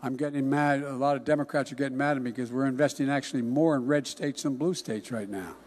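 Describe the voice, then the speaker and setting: An older man giving a political speech in a folksy, emphatic way, often dropping into hushed asides. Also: mid-range voice, fast. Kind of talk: political campaign-style speech.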